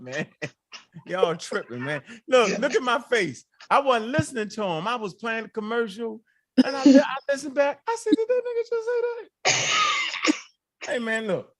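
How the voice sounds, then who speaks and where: A man's voice: sits high, expressive, normal speed, over a noisy crowd. A man hosting a casual reaction show, laughing and incredulous, talking in loose slang. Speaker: host reacting to a clip.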